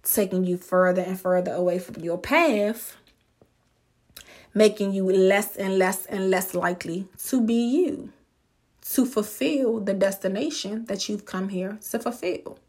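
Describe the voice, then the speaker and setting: A woman hosting a podcast, giving a blunt, profane motivational monologue with emphatic, drawn-out words. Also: mid-range voice, darkish tone. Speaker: podcast host.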